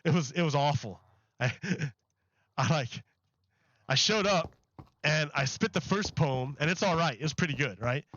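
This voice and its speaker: A man on a gaming livestream with a fairly high, bright and forceful voice. He rambles loosely, stacking "like" between his thoughts. The stream audio sounds dull and lo-fi. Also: expressive, unhurried, long pauses, slight background noise. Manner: rambling, heavy use of "like". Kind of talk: casual livestream chat while gaming.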